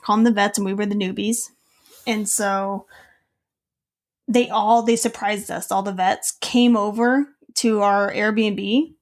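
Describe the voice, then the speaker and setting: A woman co-hosting a podcast, telling a story in casual chat, giggly and animated, full of "like" and "um". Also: medium pitch, a little slow. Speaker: podcast co-host.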